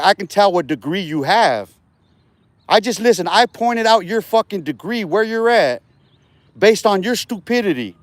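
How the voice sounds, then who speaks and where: A man's voice: high voice, no echo. A man livestreaming outdoors in a park while walking, talking casual street slang and boasting with profanity.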